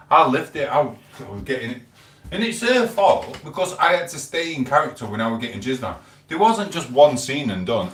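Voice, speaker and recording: A man with a medium-pitched, slightly bright voice chats and rambles through stories on a live stream, quoting back-and-forth conversations. The room is echoey, and he sits a bit far from the mic.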